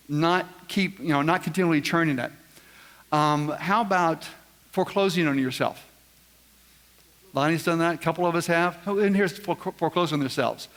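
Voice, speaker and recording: Man at a live seminar, fairly high-pitched, quizzes the crowd with folksy jokes, long reverb of a big room. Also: a bit bright. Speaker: seminar speaker. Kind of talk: live seminar talk to an audience. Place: large event room with audience.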